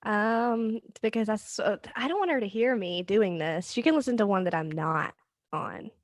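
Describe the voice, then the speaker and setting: A woman's voice: medium pitch, moderate pace, dry recording, studio quality. A woman with a Southern Georgia accent chatting casually and a little self-consciously as podcast co-host.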